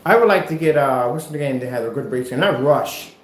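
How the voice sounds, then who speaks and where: A man's voice: mid-range voice, animated, fairly quick. Chatty man rambling through a home DIY tip. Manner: rambling, chatty, self-correcting. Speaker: maker of projection screen paint. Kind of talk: casual how-to vlog. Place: indoors at home. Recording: roomy echo, faint noise.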